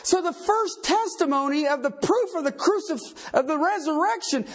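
A man preaching a sermon as pastor, emphatic, swinging between loud and low. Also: animated, moderate pace, few pauses.

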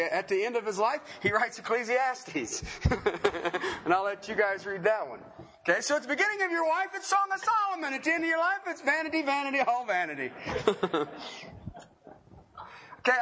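Animated, laughing male preacher. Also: very high-pitched. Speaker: pastor. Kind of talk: sermon.

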